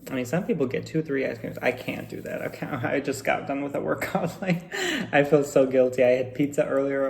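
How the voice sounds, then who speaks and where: Casting: man with a gravelly voice, relaxed and reflective casual vlog chat. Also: mid-range voice, a little hiss or hum. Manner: relaxed, reflective, chatty with frequent fillers. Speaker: vlogger.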